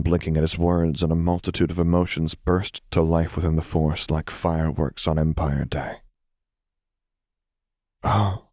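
Male audiobook narrator, very low voice, calm even read, dry close sound. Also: dry recording. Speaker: audiobook reader. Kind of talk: fan fiction audiobook narration.

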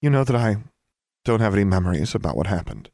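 A man reading the lines of a troubled teenage witch girl who speaks quietly and haltingly, in a low voice. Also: lively intonation, creaky, no room sound, studio quality. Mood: hesitant.

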